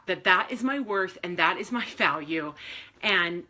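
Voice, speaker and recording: Woman, bright voice, candid and emotional faith talk streamed live, swears casually and laughs often. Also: lowish voice, expressive, unhurried. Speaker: faith and self-esteem speaker.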